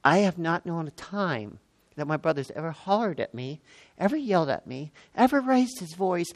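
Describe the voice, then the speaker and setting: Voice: mid-range voice, animated, moderate pace, no room sound. A preacher in their sixties delivering a sermon, stressing and repeating key words with frequent exclamations. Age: 60s.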